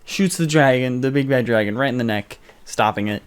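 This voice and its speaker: A young man co-hosting a podcast, casually retelling a movie in a rambling, jokey way with quick mock voices. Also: mid-range voice, smooth. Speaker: podcast co-host. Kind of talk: casual movie recap chat.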